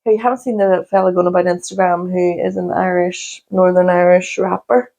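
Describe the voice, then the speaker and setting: A woman's voice: lowish voice, flat delivery, a little fast, creaky, mellow. A woman co-hosting a podcast, chatting and gossiping casually, often laughing. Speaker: podcast co-host. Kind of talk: casual chat.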